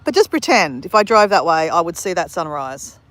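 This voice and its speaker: An Australian woman vlogging live outdoors at a beach at dawn, chatting in a rambling, fast-talking way with lots of restarts. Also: lowish voice, big pitch swings, dry recording. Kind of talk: live-stream chat on a beach walk.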